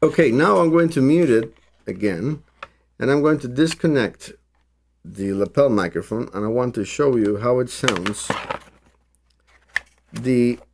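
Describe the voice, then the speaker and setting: Male tech reviewer, mid-range voice, slow and deliberate, second-language English, demo style with frequent restarts. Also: medium pitch, vocal fry, slight background noise. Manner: thinks aloud with frequent restarts and fillers. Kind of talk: hands-on product demo.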